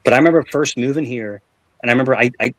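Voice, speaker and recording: A man's voice: mid-range voice, racing, a bit bright, no room sound. A man, hosting a live panel chat and rambling through stories with lots of fillers and restarts. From New York. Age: 40s. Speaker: show host.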